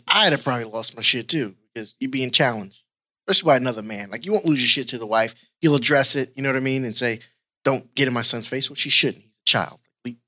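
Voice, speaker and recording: A man from New York, a podcast guest, giving frank, measured opinions and swearing casually. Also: mid-range voice, pushed and bright. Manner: measured, frank, agreeing with profanity. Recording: dull lo-fi sound.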